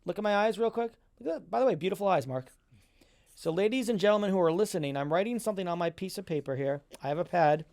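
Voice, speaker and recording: A man chatting as a podcast guest, excitable and quick, repeating himself as he talks. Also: high voice, dry recording, clean studio sound. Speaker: guest, magician and entertainer. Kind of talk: animated podcast chat.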